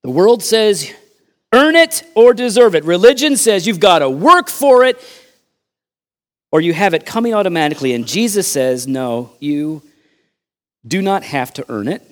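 Animated, high-voiced man preaching. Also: moderate pace. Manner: animated preaching, swings between loud emphasis and quiet asides; conversational, jokes with the congregation. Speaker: pastor. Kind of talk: sermon.

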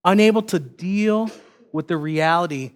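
A young man preaching a sermon, telling a personal family story in a relaxed, self-deprecating way. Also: high voice, a little slow. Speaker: pastor.

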